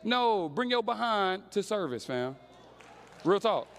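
Young male preacher, high voice, slangy storytelling sermon. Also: very animated, slow, fairly bright tone, big-room sound, some chatter behind.

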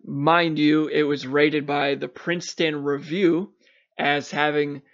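A man's voice: on the high side, takes it slowly. A young man from Long Island with a New York accent, co-hosting a podcast and telling a story with lots of swearing, acting out both sides of the conversation. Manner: animated, profane, acts out both sides of a story. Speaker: podcast co-host. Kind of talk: casual storytelling chat. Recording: muffled lo-fi recording.

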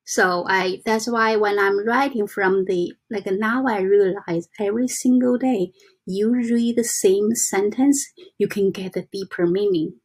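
A woman talking softly and unhurriedly to her viewers in a casual motivational chat. Her voice is airy and a little husky, with frequent restarts. She lingers over each phrase as she reads passages aloud. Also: medium pitch. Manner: soft, halting, with frequent restarts and slow deliberate reading. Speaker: self-help vlogger.

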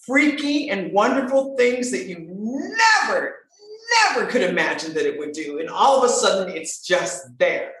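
A woman voice coach talking in a lively conversational way, with expressive, swooping emphasis. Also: mid-range voice, moderate pace. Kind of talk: animated conversational talk. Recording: very echoey room.

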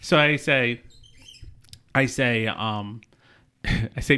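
A man with a bright, forceful voice tells a rambling story in a casual podcast chat. He laughs often and swears freely. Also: mid-range voice, takes it slowly, long pauses. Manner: laughing often, profane and animated. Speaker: podcast co-host.

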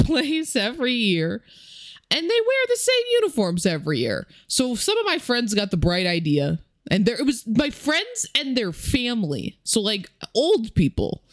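A young woman with a Chicago accent, co-hosting a casual comedy podcast with loud, brash, laughing rants. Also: on the high side, wildly swooping pitch, normal speed, dry recording, clean studio sound. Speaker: podcast co-host.

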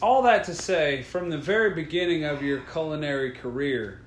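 A man's voice: fairly high pitch, moderate pace. A man in casual chat as a podcast co-host, teasing and quippy, often laughing. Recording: roomy room with faint background noise.

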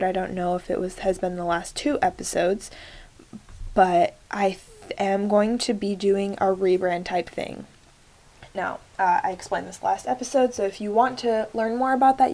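A young woman hosts her own podcast in a loose, chatty way. Her voice sits in a middle pitch, and she fills pauses with ums while joking at her own slips. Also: a little mellow. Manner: chatty and self-joking, with many fillers. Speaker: podcast host. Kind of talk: casual solo podcast chat.

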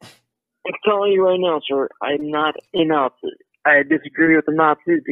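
Over a tinny phone line, a man with a slightly high voice at normal speed calls in to a talk show, on a dry recording. His casual banter rambles and drawls, and he repeats words and himself.

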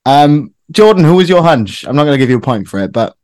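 A man's voice: a little high, sing-song, quick pace, darkish tone, dry recording. A man hosting a casual football quiz among friends, teasing and reading lists of clubs aloud. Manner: reads clubs out one by one in a teasing tone. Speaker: quiz host.

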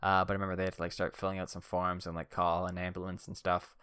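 Young adult man for loose, filler-heavy anecdotes; low, smooth voice. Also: monotone, quick pace, fairly bright tone, no echo. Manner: rambling, heavy use of "like" and "uh". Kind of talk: casual anecdote-telling.

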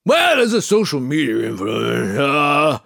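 A man's voice: a little high, huge pitch swings, measured pace, vocal fry, fairly bright tone, no room sound, studio quality. A man hosting a podcast in a comic, rambling monologue, playful and sarcastic in a mock-earnest way. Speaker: podcast host promoting an agency.

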